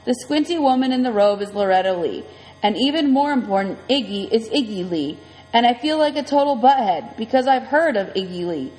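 Woman reading a story out loud, chatty, higher voice, long echo and faint music behind. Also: animated, fairly quick. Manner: conversational, vivid storytelling. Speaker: audiobook reader. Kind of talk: first-person story narration.

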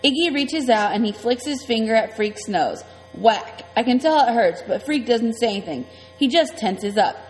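A woman's voice: a little high, expressive, normal speed. A woman reading a first-person story aloud in a conversational, vivid way. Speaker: audiobook reader. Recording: long reverb, faint music.

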